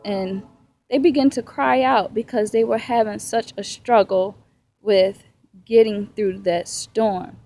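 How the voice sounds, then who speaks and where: A woman's voice: mid-range voice, steady tone, slow pace, mellow, faint music behind. A woman giving an earnest, encouraging devotional sermon in a conversational way, acting out everyday prayers and complaints. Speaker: preacher.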